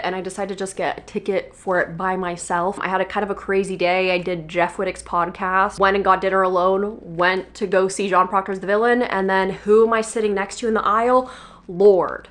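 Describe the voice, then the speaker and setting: A woman's voice: mid-range voice, fairly bright tone. Gushing, swearing young woman vlogger. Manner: gushing, swears freely, playful and self-mocking. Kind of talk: casual chat. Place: New York.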